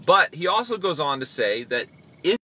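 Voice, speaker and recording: A man hosting a casual podcast about faith, chatting loosely, acting out quick voices and reading comments aloud. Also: a little high, breathy edge, no room sound. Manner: animated, acts out voices, reads comments aloud. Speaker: podcast host.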